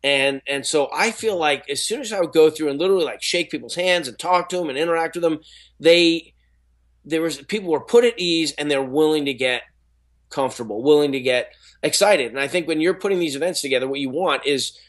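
Middle-aged guy rambling in a chatty interview, bit high pitched, lots of "you know" and restarts. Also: a little fast. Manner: rambling, many restarts and fillers. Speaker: actor and speaker. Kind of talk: casual interview talk.

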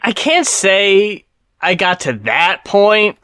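A man hosting an album review podcast, speaking in a measured, matter-of-fact way as he gives a rating and signs off the show. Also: sits high, lively intonation, pushed and bright, smooth, no echo, studio quality. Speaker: podcast host. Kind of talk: casual chat and show sign-off.

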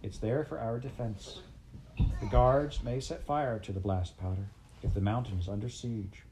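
A man putting on a kind young girl rabbit who explains things patiently. Her voice stays gentle and hushed throughout. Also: lowish voice, steady tone, moderate pace, slight background noise, close to an everyday voice, rough recording.

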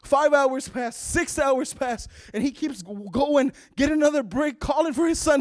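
A male pastor preaching a sermon to viewers online, emphatic and repetitive, building to shouts. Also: extremely high pitch, normal speed, hardly any pauses.

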